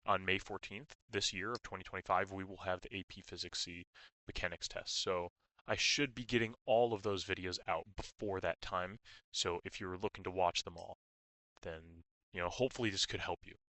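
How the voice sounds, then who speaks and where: A young man tutoring physics, explaining step by step with stop-start phrasing and uneven loudness. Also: deep voice, steady tone, moderate pace, no room sound, poor audio.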